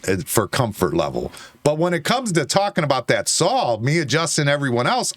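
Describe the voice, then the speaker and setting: A fairly high-voiced man swings his pitch widely as he argues, defensive and insistent. He swears and repeats his points over and over. The sound is dry, close and free of room echo. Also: huge pitch swings, brisk, hardly any pauses, a bit bright. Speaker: co-host. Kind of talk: heated bar-talk argument.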